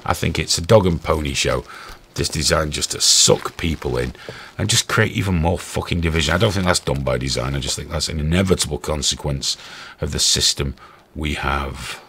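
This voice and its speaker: Gravelly-voiced sweary English man. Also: extremely low pitch, moderate pace, fairly bright tone, slight background noise. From England. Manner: sweary, sarcastic, blunt. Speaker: show host. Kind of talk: ranting commentary.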